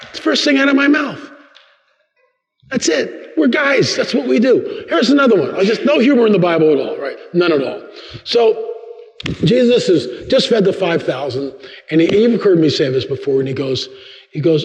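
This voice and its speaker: A man giving a humorous church talk as a guest speaker, acting out quotes with big jumps in his voice. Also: normal speed. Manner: animated, acts out quotes with big pitch jumps. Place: large church hall. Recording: long hall reverb, dull sound.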